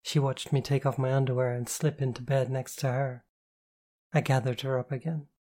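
A woman reading a novel aloud in the first person, calm, slow and intimate. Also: a bass voice. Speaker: audiobook narrator.

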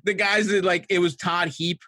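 A man's voice: high-pitched, fairly even intonation, moderate pace, pushed and bright, no room sound. A man from Baltimore telling crude, rambling stories on a podcast and laughing often. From Baltimore, USA. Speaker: podcast guest. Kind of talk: casual podcast chat.

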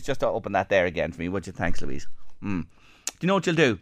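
A man's voice: low voice, sing-song, brisk, no room sound. A man hosting live radio, teasing and laughing through a play-by-play of a studio challenge. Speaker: radio host.

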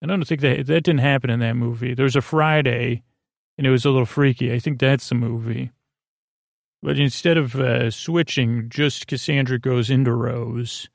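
A man with a gravelly, creaky voice drifts through a bedtime recap of a TV episode, stopping often on fillers and half-finished phrases. He speaks in a flat, even tone with little rise or fall, recorded close and dry with no room sound. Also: mid-range voice, dry recording. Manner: meandering, halting, full of fillers. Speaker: podcast host.

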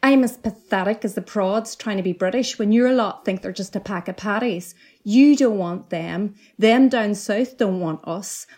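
A woman's voice: mid-range voice, a little mellow, natural voice. A Northern Irish woman putting on a fierce, bitter teenage girl who speaks her mind in a scornful outburst.

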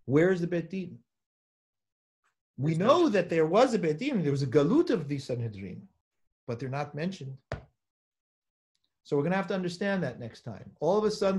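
A man with a high-pitched voice gives a live Torah class in a study hall. He reads Hebrew passages aloud, then explains them in plain talk. He stops now and then to put questions to his students. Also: very animated, fairly quick, long pauses, darkish tone, slight background noise. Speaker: rabbi teaching a class.

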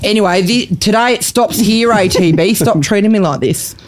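A woman's voice: medium pitch, moderate pace, slight background noise. A woman, a comedian guest on a quiz podcast, bantering in a mock-indignant way and laughing often.

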